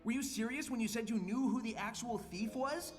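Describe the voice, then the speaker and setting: An actor playing Sonic, a cocky young male hedgehog hero in a cartoon, brisk and confident. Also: extremely high pitch, over music. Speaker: cartoon character played on stream.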